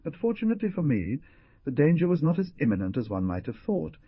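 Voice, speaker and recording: A man voicing a calm, sarcastic frontier scout in a storybook reading. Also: fairly high pitch, fast, breathy edge, dry recording, narrow, tinny audio, pitched above the performer's own voice. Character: cool mocking mestizo scout, man.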